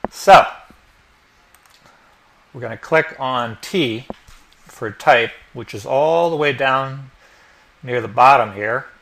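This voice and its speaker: A man narrating a software tutorial step by step as the instructor, explaining each click as he goes. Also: mid-range voice, slow pace, long pauses. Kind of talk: screen-recorded tutorial narration.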